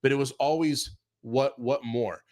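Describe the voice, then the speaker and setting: A middle-aged man telling a casual career story, animated, acting out quotes and saying "like" a lot. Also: medium pitch, a little slow. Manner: animated, acts out quotes, many fillers like "like". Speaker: chef and show guest telling his career story.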